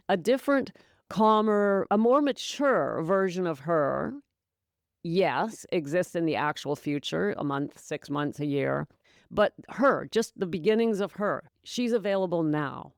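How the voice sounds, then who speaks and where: A woman's voice: fairly low pitch, darkish tone, clean tone, no room sound, studio quality. A woman hosting a solo sobriety-coaching podcast, talking emphatically and encouragingly to her listener, calling them babe. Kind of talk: motivational solo podcast talk.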